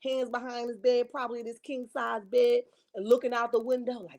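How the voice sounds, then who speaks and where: A woman's voice: fairly high pitch, little pitch movement, brisk. A woman hosting a casual gossip livestream, reading viewer comments aloud and calling her viewers honey and baby. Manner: reenacts dramatic quotes. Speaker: livestream host reading chat.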